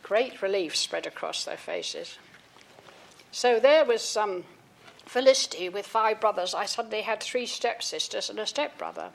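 An older woman with a gravelly, fry-edged voice gives a public talk and reads aloud from her own book. Between passages she breaks off with ums and false starts. Her pitch sits in an ordinary middle range. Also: moderate pace. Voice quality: frequent ums and restarts between readings. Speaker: author giving a talk.

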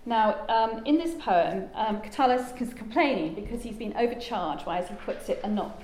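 A woman's voice: a little high, animated, normal speed, darkish tone, a little hiss or hum. A woman giving an informal lecture as a translator, chatty and digressive, with lots of ums and asides. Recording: echoey room with faint ambience.

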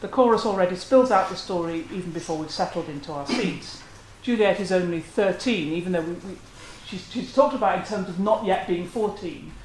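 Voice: mid-range voice, fairly quick, few pauses, a little hiss or hum. Scholarly lecturer in an echoey room. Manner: scholarly, analytical explaining. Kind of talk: academic lecture. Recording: roomy echo.

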